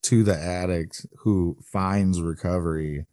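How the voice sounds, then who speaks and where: A man co-hosting a podcast interview, calm and relaxed. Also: sits low, slow pace, no room sound, studio quality. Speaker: podcast co-host. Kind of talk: casual interview talk.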